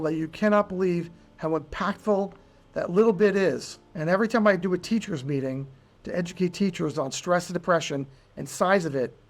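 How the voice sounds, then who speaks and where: A middle-aged man, a bereaved father, telling his story in an earnest, halting way, his voice dropping low and soft at the painful moments. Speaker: bereaved father and charity founder. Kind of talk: emotional personal storytelling.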